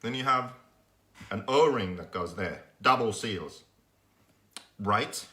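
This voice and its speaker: Young man, bright forceful voice, lively pitch, swears a lot, casual live-stream workshop talk. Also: slow pace. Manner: animated storytelling, swears freely, acts out his own frustration loudly. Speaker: host of a live workshop show.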